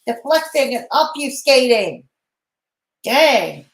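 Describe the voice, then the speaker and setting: A woman's voice: high voice, sing-song, slow pace, roomy sound, poor audio. A woman hosting a livestream, chatting sarcastically with her co-host and viewers. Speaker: streamer host. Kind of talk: casual livestream chat.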